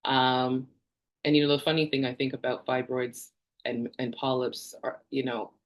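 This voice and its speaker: A woman's voice: a bass voice, steady tone, normal speed. A woman in her forties from Canada, talking candidly in a personal vlog, chatty and rambling, laughing often. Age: 40s. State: tearful at times. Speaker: vlogger.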